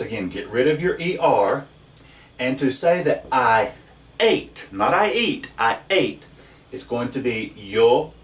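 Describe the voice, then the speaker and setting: A man gives a classroom lesson at an unhurried pace, checking in with his listeners again and again. His voice sits at an ordinary pitch. It sounds roomy and a little distant from the mic. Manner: slow, patient, checks in with "okay?". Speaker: Spanish teacher. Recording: echoey room, mic at a distance.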